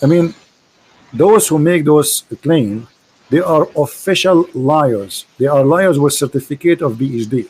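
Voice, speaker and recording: A man with an Arabic accent and a high-pitched voice, debating on a video call. He talks in quick, mocking bursts and often repeats his words. His tone is forceful. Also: breathy edge, poor audio. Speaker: host, debater. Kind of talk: casual debate chat.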